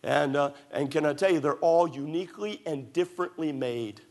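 A man's voice: on the high side, normal speed, a little mellow. A middle-aged man pastor preaching a sermon, telling stories with emphatic repetition.

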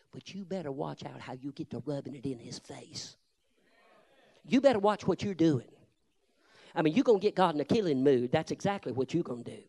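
Man, Baptist preacher, fiery sermon, folksy stories, fairly high voice, low confiding tones, loud shouted rebukes. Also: creaky. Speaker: Baptist pastor.

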